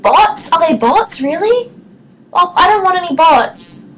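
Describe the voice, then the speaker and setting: A woman in her twenties chatting casually on her live stream, excitable, giggly and rambling. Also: very high voice, a little slow, soft background music, rough recording. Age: 20s.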